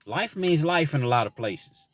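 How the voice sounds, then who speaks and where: A man's voice: fairly high pitch, expressive, moderate pace. Earnest man telling a prison story. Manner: earnest, reflective, many "you know" fillers; preachy advice to young men. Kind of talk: personal storytelling vlog.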